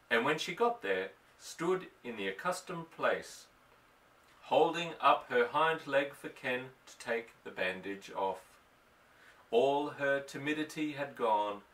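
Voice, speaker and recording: A man's voice: mid-range voice, animated, a little slow, bright, forceful tone, far from the mic, low-quality recording. A man reading a novel aloud as an audiobook, telling the story expressively and voicing each character. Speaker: audiobook narrator.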